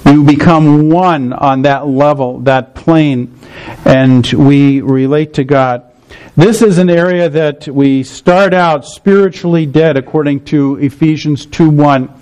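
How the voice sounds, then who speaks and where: A man's voice: a little high, takes it slowly, a little mellow, clear, resonant tone, poor audio. A middle-aged male pastor preaching a morning sermon, explaining scripture step by step and often checking in with the congregation.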